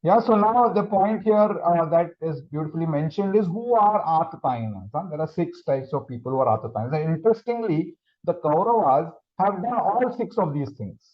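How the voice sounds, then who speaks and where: A man teaching a scripture class, explaining verses in a halting, conversational way with many fillers. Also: a little high, lively intonation, lo-fi sound.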